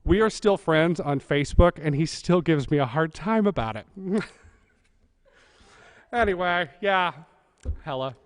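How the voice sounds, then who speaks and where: A man's voice: fairly high pitch, expressive, unhurried, long pauses, clean tone, big-room sound. A man in his thirties from California, telling a humorous, self-deprecating personal story at a church service.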